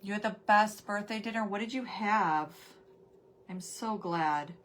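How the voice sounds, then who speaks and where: A woman's voice: mid-range voice, measured pace, a bit bright. Rambling, chatty middle-aged female host of a craft stream; greets viewers by name. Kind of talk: casual livestream chat with viewers.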